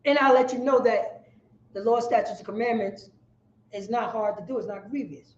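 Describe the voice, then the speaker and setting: A man teaching a Bible class, forceful and preachy, repeating his points for emphasis. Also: very high-pitched, normal speed. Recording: echoey room, dull lo-fi sound.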